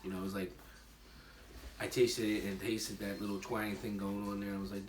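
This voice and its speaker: A man's voice: lowish voice, little pitch movement, brisk, distant mic. A man rambling casually as he tastes and reviews his own homebrewed beer, with lots of fillers and self-deprecating asides. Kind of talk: casual tasting vlog. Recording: roomy and noisy, from off the mic.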